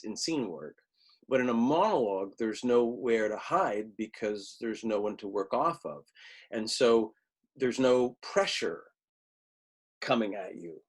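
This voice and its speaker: Husky low-voiced man teaching acting. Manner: conversational, restarts often, acts out quoted lines. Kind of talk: webinar teaching talk. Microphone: video call.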